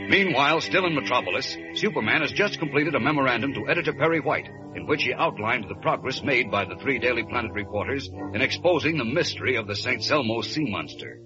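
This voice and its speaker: A man's voice: medium pitch, animated, fairly quick, hardly any pauses. A man narrating a 1940s radio drama in a dramatic, suspenseful manner. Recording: muffled old radio recording with music.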